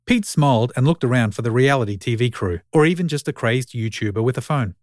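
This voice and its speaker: A man reads a short story aloud in a steady, mid-pitched voice. His narration is even and wry. The recording is close and dry. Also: fast talker, few pauses, dry recording.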